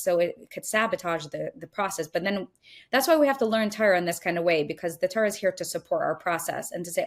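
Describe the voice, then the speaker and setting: A middle-aged woman, a podcast guest, speaking earnestly as she teaches in a warm conversational way. She repeats phrases for emphasis and acts out inner voices. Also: fairly low pitch, fast.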